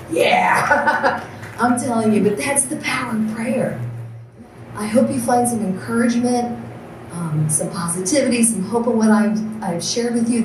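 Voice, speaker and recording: A woman nurse sharing personal testimony stories at an event, earnest and lively as she acts out what others said. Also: on the high side, slight background noise. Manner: earnest storyteller, acts out quoted voices. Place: large event hall. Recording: echoey room from far off.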